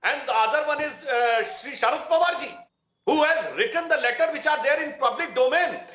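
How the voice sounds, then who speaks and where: A man with an Indian English accent, a party spokesperson on a TV debate, laying out his case point by point in a measured, emphatic way. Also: extremely high pitch, pushed and bright. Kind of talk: political debate argument. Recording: roomy, dull remote feed.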